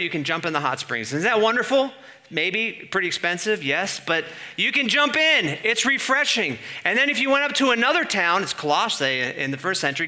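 A man preaching a sermon in an animated way, asking the room questions and building to emphatic peaks. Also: a little high.

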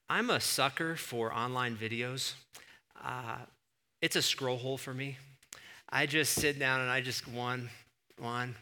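A man preaching a sermon as pastor, in a conversational, animated way that acts out quotes. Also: medium pitch.

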